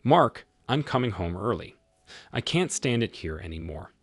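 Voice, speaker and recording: A man's voice: lowish voice, sing-song, normal speed, breathy edge, no echo. A man doing a pleading, tipsy wife. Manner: mumbling, quivering, pleading. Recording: faint music underneath.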